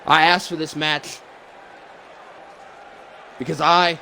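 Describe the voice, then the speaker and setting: Man doing a worn-out emotional wrestler, halting, stammering, slightly high voice, faint hiss behind. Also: flat delivery, gravelly, pushed and bright, full character voice. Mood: earnest. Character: weary, emotional male wrestler, middle-aged, soft-spoken. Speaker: fan performer voicing a pro wrestler. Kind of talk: wrestling promo role-play.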